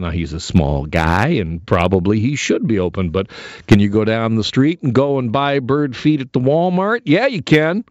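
A man's voice: medium pitch, no room sound, highs cut off. A middle-aged man, hosting a talk radio show in a jokey, theatrical monologue.

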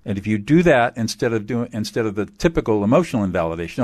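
A man's voice: lowish voice, expressive, fast, hardly any pauses, a little mellow, no echo. A man being interviewed as a mediator, explaining ideas emphatically and repeating key phrases. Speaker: attorney and mediator guest. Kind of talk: interview answers.

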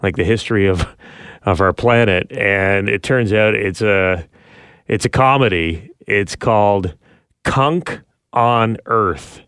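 A chatty man hosts a podcast, trading news stories and quick asides with his co-host. He laughs easily, and his voice sits dry and close to the mic. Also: on the low side, a bit bright, clear, resonant tone, no echo. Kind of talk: casual chat and news reading.

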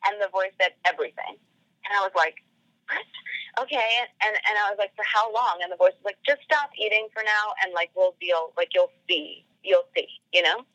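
Chatty woman on a podcast, bright tense voice, dry close sound, says like a lot. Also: medium pitch, a little fast, no room sound, poor audio. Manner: chatty, full of "like" fillers, acts out quoted dialogue. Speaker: podcast guest. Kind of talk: casual storytelling.

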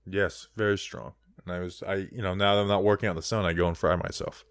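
A man's voice: low-pitched, fairly even intonation, fast, no echo, studio quality. Rambling man on a casual sports podcast. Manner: rambling, digressive, heavy on "like". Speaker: podcast co-host.

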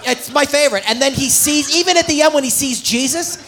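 A man, a comedy guest on a live stage, ranting in a fast, profane, theatrical way. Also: very high-pitched, bright, forceful tone. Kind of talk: comic rant at a live show.

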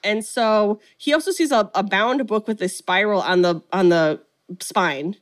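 A woman's voice: medium pitch, measured pace. A woman casually recapping a film plot, storytelling animatedly with lots of "like" and acted-out quotes. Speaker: podcast co-host recapping a film. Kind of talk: casual chat.

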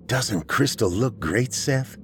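A man's voice: medium pitch, expressive, slow pace, fairly bright tone, soft background music, pitched above the performer's own voice. A man voicing a cooing, vengeful young witch. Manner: cooing then commanding, growling.

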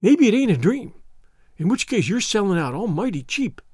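A man voicing an excitable gold hunter who talks in a hoarse, urgent whisper and folksy slang. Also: sits high, moderate pace, dry recording, clean studio sound, voice pushed up.

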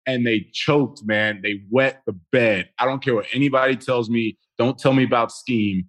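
A man talks football as a podcast guest, blunt and animated, and he punches his points hard. His voice sits in a plain middle register. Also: medium pitch, moderate pace. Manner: blunt, emphatic, animated storytelling. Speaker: guest, former football player. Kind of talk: casual sports talk.

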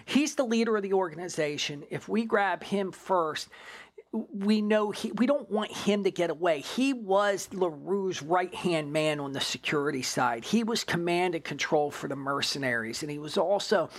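A former drug agent, a man, telling a case story in an interview in a blunt, profane, animated way. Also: high-pitched, normal speed.

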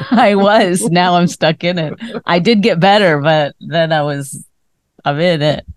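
A woman's voice: fairly low pitch, slow pace, no echo. A woman co-hosting a comedy podcast, trading dry, sarcastic jabs in casual banter. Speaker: podcast co-host.

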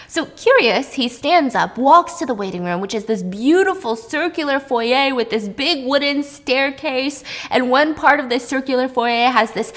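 A woman's voice: fairly high pitch, moderate pace. A woman hosting, casually recapping a film in a chatty way while baking. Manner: chatty, laughs often, uses 'like'. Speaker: host.

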